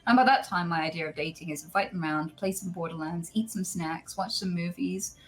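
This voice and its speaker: A woman in her thirties telling a story in casual chat, animated and acting out the other voices. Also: lowish voice, fairly quick. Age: 30s. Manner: animated, acts out voices in quotes.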